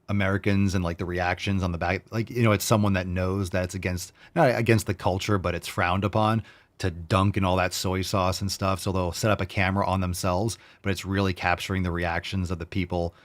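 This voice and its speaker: A man hosting a podcast in casual chat, rambling, jokey and full of profanity. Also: sits low. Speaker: podcast host.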